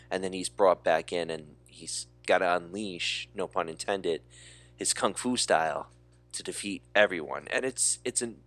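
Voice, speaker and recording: A man's voice: low voice, fairly bright tone. A man co-hosting a movie podcast, talking enthusiastically and rambling with fillers. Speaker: podcast co-host. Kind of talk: casual movie chat.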